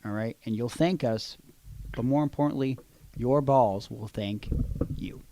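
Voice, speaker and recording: A man's voice: mid-range voice, measured pace, background noise. A man co-hosting a podcast, chatting casually and reading an ad in a joking, playful way. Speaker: podcast co-host. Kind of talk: casual podcast chat and ad read.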